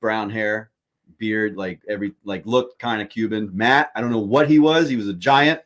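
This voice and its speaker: Profane, rambling man, lowish voice. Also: moderate pace, fairly bright tone. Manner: loose, profane storytelling with frequent fillers. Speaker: podcast host. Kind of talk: casual chat.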